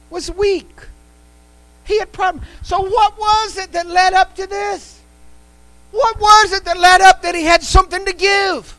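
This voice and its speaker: A man's voice: very high voice, pushed and bright, no room sound, poor audio. A man preaching a live church sermon, emphatic and repetitive, speaking in a church sanctuary. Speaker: pastor.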